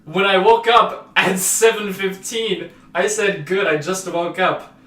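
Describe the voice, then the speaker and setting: A young man co-hosting a podcast, telling a story in animated casual chat and reading out messages. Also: high-pitched, measured pace, distant mic. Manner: animated, reads out messages with bursts of laughter. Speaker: podcast co-host. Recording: roomy echo, a bit off-mic, faint noise.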